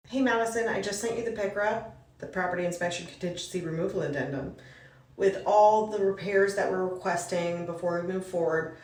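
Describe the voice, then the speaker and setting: A woman plays out a string of work phone calls for a comic skit. She keeps a brisk, polite, businesslike tone, and her fairly low voice sits back from the mic in a roomy space. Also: a little mellow, far from the mic. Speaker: real estate broker. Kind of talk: comedic reenactment of phone calls.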